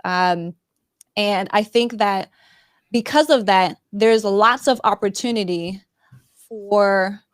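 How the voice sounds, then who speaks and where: A woman hosting an interview, asking questions in a friendly, halting way with many fillers. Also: medium pitch, clear, resonant tone, no room sound, studio quality. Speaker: interview host. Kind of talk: conversational interview.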